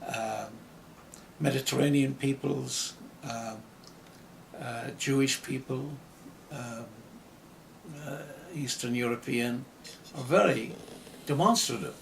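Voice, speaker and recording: An older man from Ireland with an Irish accent, an interviewed writer and actor, reflecting slowly and hesitantly, often restarting his phrases. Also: mid-range voice, creaky, slight background noise.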